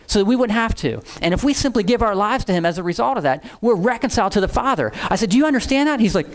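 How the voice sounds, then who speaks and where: Animated storytelling male pastor. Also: fast talker. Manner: animated storyteller, acting out dialogue in voices; drops low and earnest when preaching. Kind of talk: sermon with storytelling.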